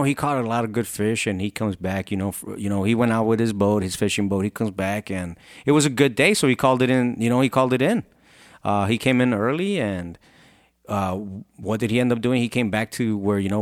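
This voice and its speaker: A man's voice: fairly low pitch, brisk, no room sound, clean studio sound. A man who founded a clothing brand and has kids, giving an earnest, rambling motivational talk. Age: adult with children. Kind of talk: motivational monologue.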